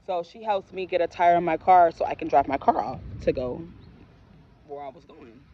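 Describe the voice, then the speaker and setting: A woman's voice: low-pitched, muffled recording, a little hiss or hum. A young woman telling a personal story in a casual, candid and profane way, full of emotion. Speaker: storyteller vlogger.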